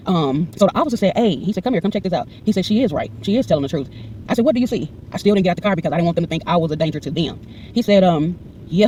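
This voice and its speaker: A woman's voice: on the low side, far from the mic, slight background noise. A woman in her forties telling a personal story to camera, acting out the dialogue in a heated, indignant way. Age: 40s. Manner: animated, acts out every exchange in quoted dialogue; heated and indignant when retelling. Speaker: vlogger recounting a personal incident.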